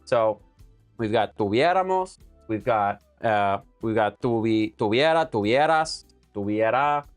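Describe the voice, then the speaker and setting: A man's voice: fairly low pitch, lively intonation, measured pace, smooth, soft background music. A young man teaching a live Spanish lesson, explaining verb forms step by step while writing on a board. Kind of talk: live-streamed language lesson.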